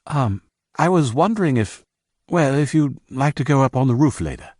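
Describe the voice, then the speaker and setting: A man's voice: medium pitch, expressive, moderate pace, darkish tone, no echo, clean studio sound, voice pushed up, natural voice. A man voicing a shy, awkward young man who stammers and hesitates.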